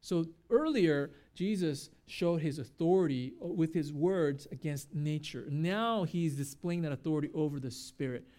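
A man's voice: a little high, measured pace, hardly any pauses, a little mellow. A man giving a sermon as a pastor at a church service, talking casually and acting out the people in the story. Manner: casual, conversational preaching with fillers and acted-out quotes.

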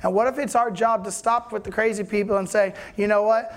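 A man's voice: high-pitched, steady tone, a little fast. A man preaching a sermon in a conversational way, often asking if listeners follow, acting out the voices of people in the story. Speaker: pastor.

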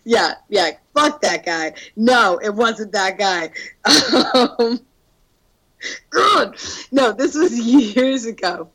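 A young woman telling a dating story in casual podcast chat. She is animated, swears freely and laughs through her words. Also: on the high side, extremely slow, low-quality recording.

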